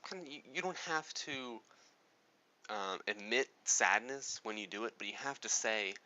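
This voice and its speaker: A man's voice: mid-range voice, lively intonation, unhurried, pushed and bright. A man explaining a speaking technique in a casual, rambling way, often restarting his sentences. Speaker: presenter explaining speech moods. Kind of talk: casual spoken lesson. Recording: dull lo-fi recording.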